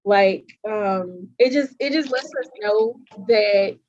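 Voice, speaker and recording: A woman's voice: mid-range voice, takes it slowly, darkish tone. Gushing woman co-host, dull lo-fi sound. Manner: gushing, run-on sentences chained with "and". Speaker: podcast co-host. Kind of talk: casual podcast chat.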